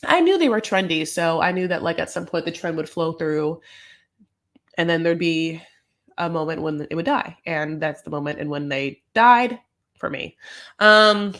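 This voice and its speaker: A woman's voice: sits low, moderate pace, a bit bright. An American woman hosting a casual recap, talking in a chatty, gossipy, sassy way. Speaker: host. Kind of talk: casual reality-show recap.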